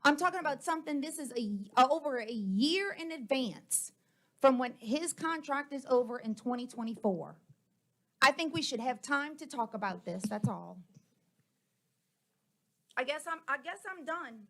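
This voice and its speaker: A woman's voice: sits high, lively intonation, normal speed, a bit bright. A woman, a school board member speaking heatedly and confrontationally at a public board meeting into a table microphone.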